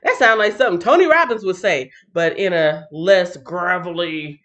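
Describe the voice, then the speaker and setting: A woman hosting a casual livestream, who sounds tired after a night shift. She reads out chat comments in an animated, playful way and breaks into sing-song bits. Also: fairly low pitch, a little slow, hardly any pauses, lo-fi sound. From Texas. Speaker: livestream host.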